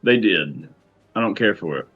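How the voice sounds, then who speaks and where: A man running a tabletop game as game master, talking in a hesitant way with many fillers and pauses. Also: deep voice, lively intonation, breathy edge, faint music behind. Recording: dull lo-fi recording.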